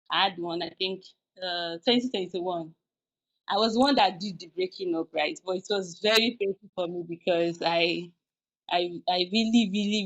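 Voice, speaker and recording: A woman hosts a podcast in a relaxed, confessional tone. She restarts often and fills pauses as she gives casual advice. The recording is a little dull and lo-fi. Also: mid-range voice. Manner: frank, confessional, with many restarts and fillers. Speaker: podcast host.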